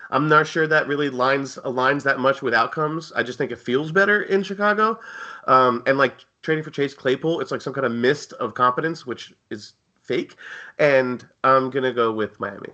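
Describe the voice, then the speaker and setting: A man's voice: mid-range voice, normal speed, bright, forceful tone, highs cut off. A man co-hosting a casual sports betting chat, rambling and jokey with lots of fillers. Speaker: co-host.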